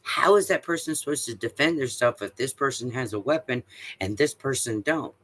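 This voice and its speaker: A man's voice: mid-range voice, expressive, moderate pace, sharp tone. A man ranting in a casual monologue, blunt and profane, who keeps pressing the listener with rhetorical questions. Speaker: vlogger.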